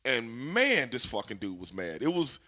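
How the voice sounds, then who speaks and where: A former pro wrestler, a man, spins backstage stories in a loose, profane interview style. His voice is bright and forward, and his pitch swings widely as he gets worked up and laughs through his telling. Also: normal speed. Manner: animated, profane, laughing storyteller. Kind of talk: casual storytelling interview.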